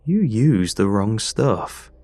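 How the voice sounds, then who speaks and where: A man's voice: fairly low pitch, expressive, slow, gravelly, darkish tone, dry recording, heavily acted. A man voicing a greedy middle-aged landlord who talks down to people and cuts them off. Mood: smug. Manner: chipper, condescending, cuts people off.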